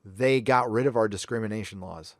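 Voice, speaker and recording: A man's voice: on the low side, brisk, no echo, studio quality. A man hosting a livestream, reading viewer donations aloud with blunt, profane, sarcastic asides. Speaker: livestream host.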